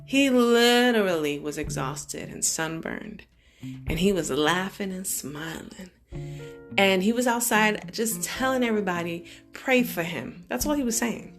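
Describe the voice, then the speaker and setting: A woman vlogger talks straight to her followers in an emphatic, expressive way, slowing down and then speeding up to drive each point home. Plucked guitar music plays clearly behind her voice. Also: medium pitch. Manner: emphatic, expressive, shifting pace. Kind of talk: motivational monologue to followers.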